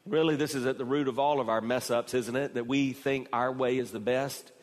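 A man preaching a sermon as pastor, moving from slow, quiet phrasing to raised, emphatic delivery. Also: medium pitch, fairly even intonation, big-room sound.

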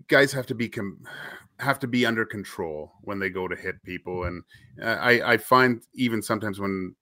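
Low, bright-voiced halting hockey commentator. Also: male voice, dry recording, studio quality. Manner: halting, repeats words often. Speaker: podcast co-host, former player. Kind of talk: casual sports talk.

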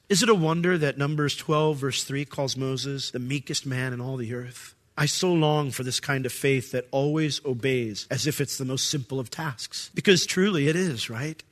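A man preaching a sermon as pastor, animated and acting out the voices of biblical figures. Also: fairly high pitch.

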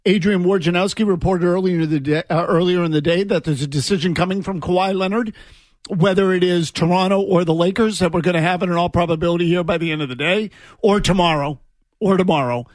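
A man's voice: sits high, steady tone, quick pace, dry recording. A man hosting sports talk radio, teasing his co-hosts in a wry manner. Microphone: studio mic.

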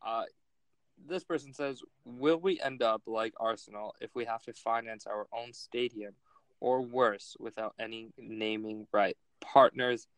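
A man's voice: medium pitch, measured pace, fairly bright tone, clear, resonant tone, dry recording, low-quality recording. A man hosting a casual sports podcast, joking and teasing as he reads fan questions. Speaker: podcast host.

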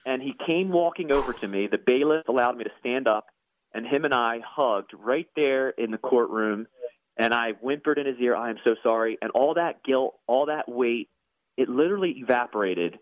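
A man's voice: mid-range voice, animated, normal speed, dry recording. A man, a former athlete turned pastor, giving an earnest, preacherly personal testimony as a guest, stumbling over repeated words when moved. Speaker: guest, former professional soccer player and pastor. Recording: tinny phone-line sound.

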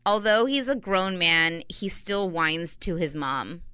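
A woman co-hosting a relaxed podcast chat, talking in a bright, smooth, somewhat low voice. She laughs easily and throws in quick asides. The sound is dry and close. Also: no echo. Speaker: podcast co-host. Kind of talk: casual chat.

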